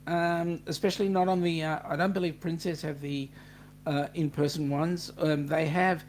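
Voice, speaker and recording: A man's voice: a little high, flat delivery, moderate pace, a little hiss or hum. A man with an Australian accent hosting a casual livestream, reading out viewer comments and chatting with many fillers. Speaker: livestream host.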